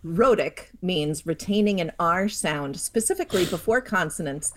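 A woman's voice: on the low side, lively intonation, normal speed, fairly bright tone, slight background noise. A woman from Pittsburgh, a guest language expert who explains carefully and laughs easily on a radio talk show. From Pittsburgh, USA.

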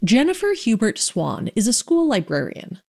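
A woman's voice: fairly high pitch, huge pitch swings, normal speed, vocal fry, darkish tone. A woman reporting a radio news feature with a storytelling delivery.

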